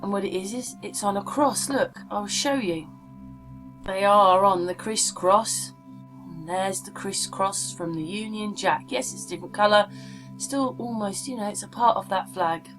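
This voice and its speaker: A woman's voice: mid-range voice, normal speed, over music, low-quality recording. A woman hosting her own channel, talking casually and rambling as she clicks through images and speaks straight to her viewers. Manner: rambling, chatty, addresses viewers directly. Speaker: channel host. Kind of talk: casual screen-share commentary.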